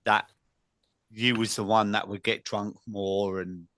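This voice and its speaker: A man from England hosting a podcast, talking in a relaxed way and sharing his own stories with his guest. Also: on the low side, takes it slowly, no room sound, studio quality. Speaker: podcast host. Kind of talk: conversational interview.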